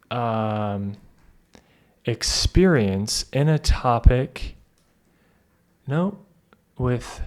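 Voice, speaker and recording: A man tutoring through a practice test, thinking aloud, reading sentences deliberately and correcting himself as he goes. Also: medium pitch, a little mellow. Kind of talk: casual walkthrough of a practice test.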